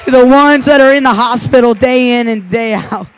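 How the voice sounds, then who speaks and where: A man's voice: extremely high pitch, moderate pace, smooth, a faint crowd, poor audio. A young man giving a youth-service sermon, moving from an emotional personal testimony to an impassioned altar call. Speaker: youth speaker.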